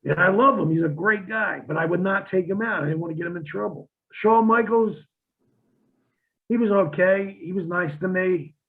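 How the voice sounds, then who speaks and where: A man's voice: high voice, moderate pace. A man, a former pro wrestler, telling profane stories in a casual interview and acting out what others said. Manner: profane, vivid storyteller who acts out quotes. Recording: tinny phone-like line.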